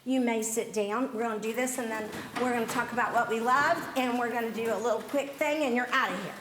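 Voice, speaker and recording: Upbeat lady teaching acting, bit high voice, echoey room. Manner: brisk, bubbly and directive. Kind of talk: coaching a theatre workshop. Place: theatre workshop room. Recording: echoey room with faint noise.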